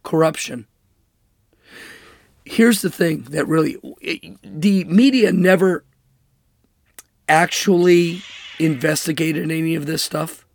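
A man's voice: fairly high pitch, slow, creaky, pauses often, dry recording. A man hosting a political commentary show, talking in an emphatic, sarcastic monologue and mocking with air quotes. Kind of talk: opinionated monologue.

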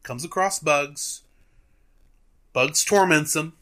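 A man co-hosting a film review podcast, retelling a cartoon in casual chat as an animated storyteller who laughs often. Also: fairly high pitch, slow pace.

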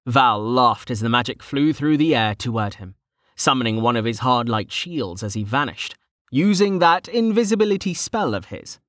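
Man, audiobook narrator, steady measured reading, mid-pitched voice, dry close mic. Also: no room sound.

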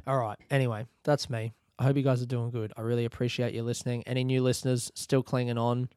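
Podcast host in his thirties, mid-pitched, loose and swearing, dry close sound. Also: flat delivery, fairly quick, darkish tone, smooth, no room sound. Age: 30s. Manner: laid-back, rambling, swears casually. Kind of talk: casual podcast outro. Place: outdoors under a tree.

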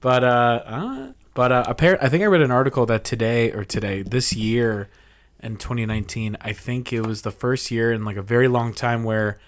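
A man hosting a podcast, talking in a relaxed way with many fillers. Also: mid-range voice, moderate pace, slight background noise. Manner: relaxed, filler-heavy talk. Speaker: podcast host. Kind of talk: casual chat.

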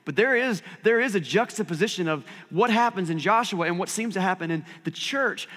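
A man's voice: high voice, animated, a little fast, fairly bright tone, big-room sound. A man preaching a sermon as pastor, talking conversationally with self-deprecating asides.

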